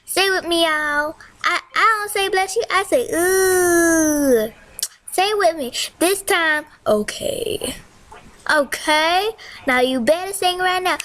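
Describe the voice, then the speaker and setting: A woman's voice: very high-pitched, takes it slowly, fairly bright tone, heavily acted. A woman voicing a sassy, unkind pollen spirit in a comic monologue, drawling and calling out to the listeners. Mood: playful. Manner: sassy, drawling, calls out to the audience.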